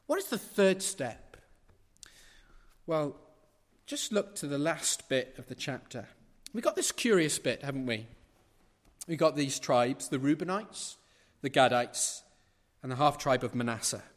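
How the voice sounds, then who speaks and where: A man preaching a sermon in a large church, building to loud emphatic peaks with rhetorical questions and repetition, then dropping to quiet asides. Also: mid-range voice, animated, a little slow, long pauses, in a large hall.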